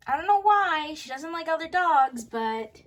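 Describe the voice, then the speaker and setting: A woman's voice: sits high, fairly bright tone, exaggerated voice. A woman voicing a flustered woman dog owner who talks hesitantly, in an amateur role-play video.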